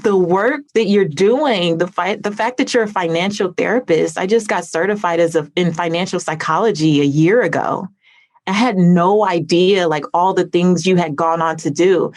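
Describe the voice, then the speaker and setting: A woman's voice: on the low side, moderate pace, darkish tone. A woman hosting a podcast interview over a video call, talking in an effusive, heartfelt way with lots of "like.". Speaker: podcast host. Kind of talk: conversational interview.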